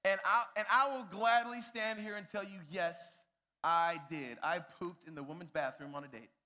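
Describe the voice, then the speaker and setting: A man's voice: high-pitched, steady tone, moderate pace, pushed and bright, faint music behind. A young man, a youth pastor, telling a self-mocking story to a youth group and addressing them directly.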